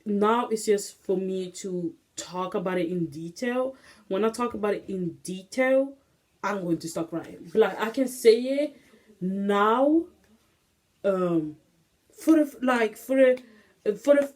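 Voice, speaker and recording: A woman's voice: mid-range voice, darkish tone. Young woman rambling on a solo podcast. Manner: rambling, filler-heavy, restless. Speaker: podcast host. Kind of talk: casual solo vlog-style podcast. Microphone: phone camera.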